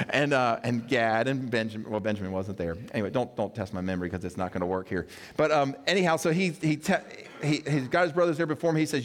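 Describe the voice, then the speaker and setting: A pastor giving a sermon, reading scripture and adding conversational, joking asides. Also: male voice, medium pitch, fast talker. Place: church sanctuary. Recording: echoey hall reverb.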